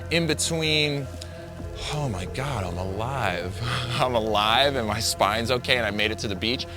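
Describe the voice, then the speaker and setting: A man, a big-wave surfer, telling a personal story casually, rambling with lots of "like" and restarting his sentences. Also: medium pitch.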